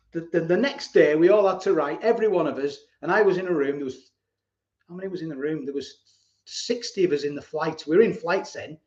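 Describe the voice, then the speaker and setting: A man's voice: a little high, darkish tone. A man in his forties hosting a live stream. He tells stories in a rambling way, repeats words and often chuckles. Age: 40s. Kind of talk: casual live-stream chat and storytelling. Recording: roomy, dull lo-fi home stream.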